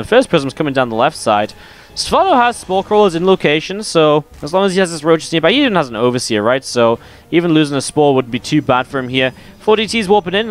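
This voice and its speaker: A man with a mid-range, clean-toned voice casts a live esports match as caster and stream host. He calls the play and, between the action, jokes around playfully with viewers.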